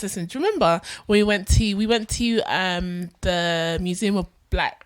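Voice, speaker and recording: A woman's voice: medium pitch, moderate pace, clear, resonant tone. A young woman with a London accent chatting on a podcast, telling stories animatedly and acting out the people in them. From England. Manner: animated storyteller, acts out voices with laughter. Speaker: podcast co-host. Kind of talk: casual chat.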